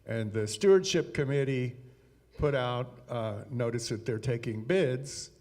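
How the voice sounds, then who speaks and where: A man's voice: mid-range voice, unhurried, a little mellow. Man telling a folksy church joke. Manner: folksy, storytelling. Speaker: congregation member telling a joke.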